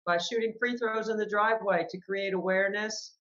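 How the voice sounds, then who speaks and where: A woman's voice: mid-range voice, fairly even intonation, brisk, fairly bright tone. Woman host, enthusiastic, encouraging, dull lo-fi recording. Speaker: podcast host. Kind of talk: casual interview.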